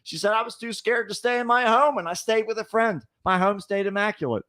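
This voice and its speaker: A man's voice: sits high, brisk, bright, forceful tone. A man co-hosting a comedy podcast, reading out odd news stories and joking around with lots of swearing. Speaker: podcast co-host. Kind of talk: casual comedic chat.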